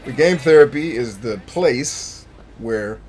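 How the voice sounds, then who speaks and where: A man's voice: medium pitch, expressive, slow, darkish tone. A man hosting a gameplay stream, joking, rambling and talking to his chat. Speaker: gaming streamer host. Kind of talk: casual gameplay commentary.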